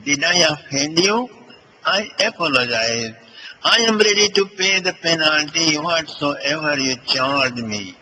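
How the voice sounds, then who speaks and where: A man's voice: fairly high pitch, expressive, a little slow, sharp tone, slight background noise, full character voice, low-quality recording. A man voicing a tender, devoted male god who earnestly coaxes and reassures his wife. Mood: coaxing. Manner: earnest, coaxing, emphatic.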